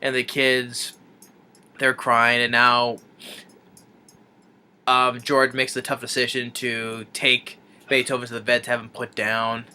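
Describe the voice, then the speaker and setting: A man's voice: medium pitch, completely flat delivery, takes it slowly, long pauses, bright, forceful tone, clean tone. A man reviewing a film, retelling the plot in a rambling, casual way with many restarts and chuckles.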